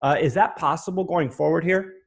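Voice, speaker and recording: A man with a somewhat high voice, hosting an interview. He asks his questions hesitantly, thinking aloud as he goes. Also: fairly quick, creaky, slightly rough. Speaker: interview host. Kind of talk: conversational interview.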